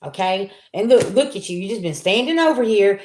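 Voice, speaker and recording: A woman gives a casual tarot reading, speaking straight to her viewers in loose, everyday language. She talks at a mid pitch and often slips into lively voices for the people she quotes. The room around her sounds echoey. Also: fairly quick, slight background noise. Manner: colloquial, talks straight at the audience. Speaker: tarot reader.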